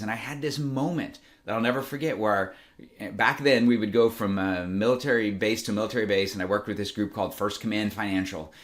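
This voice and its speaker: A middle-aged man with a fairly low voice tells a personal story on his podcast. He sounds earnest and animated, chuckles often, and corrects himself mid-sentence as he goes. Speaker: podcast host. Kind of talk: casual storytelling monologue.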